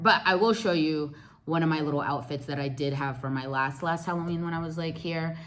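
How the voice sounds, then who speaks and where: Bright-voiced woman doing a storytime vlog, slangy and animated, cracking herself up. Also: low voice, a little fast. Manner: animated, slangy, laughs as she tells it. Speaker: vlogger telling a story. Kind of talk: casual storytime.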